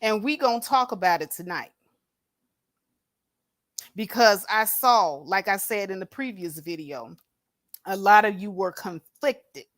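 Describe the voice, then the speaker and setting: A woman's voice: medium pitch, lively intonation, measured pace, pauses often, fairly bright tone, no room sound, studio quality. A woman hosting a livestream, speaking bluntly and confrontationally with heavy profanity into a plug-in microphone. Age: adult with a grown daughter. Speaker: livestream host. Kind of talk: unscripted livestream commentary.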